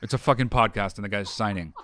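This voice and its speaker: A man's voice: fairly low pitch, fast talker, bright, forceful tone, slight background noise. A man co-hosting a podcast in casual banter, teasing and sarcastic with his brother. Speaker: podcast co-host.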